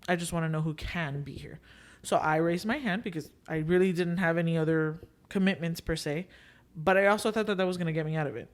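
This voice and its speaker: A young podcast host, her pitch fairly low and her pace quick, spins a story in relaxed chat. Quoted lines get acted out vividly, and Spanish fillers pop up along the way.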